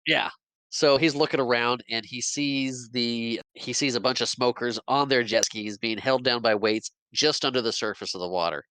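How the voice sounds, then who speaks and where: A man's voice: mid-range voice, normal speed, sharp tone, clear, resonant tone, no room sound, poor audio. A man co-hosting a podcast, retelling a film scene by scene in casual chat, with frequent restarts and small laughs. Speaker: podcast co-host. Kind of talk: casual movie recap chat.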